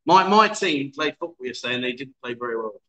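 A man's voice: mid-range voice, lively intonation, quick pace, fairly bright tone. A middle-aged man hosting a casual livestream, joking around and reading viewer comments aloud. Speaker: livestream host.

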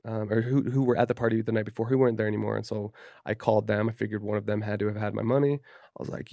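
A man's voice: fairly low pitch, steady tone, very fast, gravelly, mellow, dry recording. A man from Utah, a podcast guest, telling a personal story in a candid, profane, casual way with plenty of "you know" and "dude.". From Utah, USA. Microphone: podcast studio mic.

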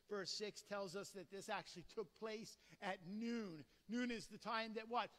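A man preaching a sermon dramatically, asking rhetorical questions and swinging between loud and hushed delivery. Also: high-pitched, in a large hall.

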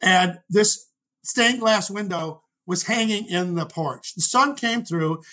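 A man in his sixties with a high, bright voice spins a rambling personal story as a guest. He stops often to correct himself. He acts out the people he quotes. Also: slow pace, rough recording. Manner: rambling, self-correcting anecdotes. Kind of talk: storytelling in conversation.

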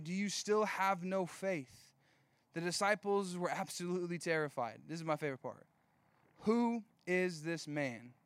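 A young man giving a casual sermon, reading scripture and telling jokey stories, slowing down to stress key points. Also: a little high, dry recording. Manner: conversational, jokey asides, slows down for emphasis.

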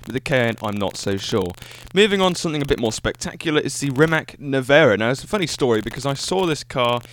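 A man rambles eagerly through a solo podcast, his voice sitting at an ordinary middle pitch. He keeps correcting himself as he goes. A faint hiss runs underneath. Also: expressive, fast, a bit bright. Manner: enthusiastic, rambling, self-correcting. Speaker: podcast host. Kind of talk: solo casual podcast monologue.

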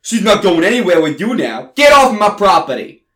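A man voicing a huge, protective father with an Italian accent, gruff and threatening. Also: sits high, very animated, moderate pace, fairly bright tone, voice pushed up. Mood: hostile. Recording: roomy echo.

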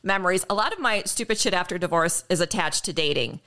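A woman hosting a podcast, telling stories in a casual, animated way and laughing often. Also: fairly low pitch, fast talker. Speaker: podcast host. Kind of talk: casual chat.

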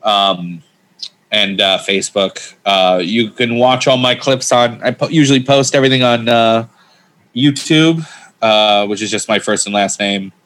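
A man who is a comedian guest, chatting casually on a podcast and telling stories in an animated way. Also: fairly low pitch, a little slow. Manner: animated storyteller, laughs as he talks.

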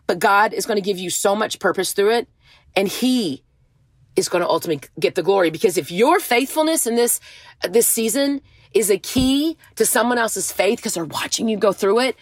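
A woman's voice: on the high side, lively intonation, normal speed, no room sound. Earnest woman preaching with passion. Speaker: faith speaker. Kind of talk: passionate devotional talk.

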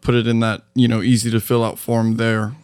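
A man's voice: medium pitch, completely flat delivery, brisk, darkish tone, smooth, no echo. A man co-hosting a podcast, casually inviting listeners to send in topics. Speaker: podcast co-host.

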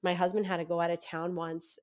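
A young adult woman telling her own story as a podcast guest, chatty, with lots of fillers and quick laughs. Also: fairly low pitch, flat delivery. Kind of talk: casual storytelling in an interview.

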